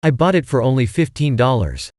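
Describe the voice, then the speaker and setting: A man reading an audiobook, voicing an elderly male stage actor who talks in a slow, theatrical, drawn-out way. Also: mid-range voice, very animated, a little mellow, no echo, clean studio sound, close to an everyday voice. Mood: recounting.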